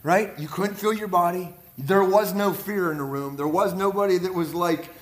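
Pittsburgh-accented male guest preacher, energetic and repetitive, fairly high voice, echoey room with listeners answering. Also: normal speed. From Pittsburgh area, Pennsylvania. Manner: energetic, repeats words, checks in with "right?" and "amen?". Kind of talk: charismatic preaching to a leadership group. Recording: echoey room with audience responses. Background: audience responses.

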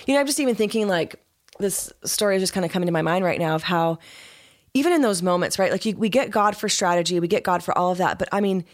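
Lively woman pastor telling a story. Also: lowish voice, quick pace. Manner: animated storyteller, laughs often. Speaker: pastor and podcast guest. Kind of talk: casual storytelling interview.

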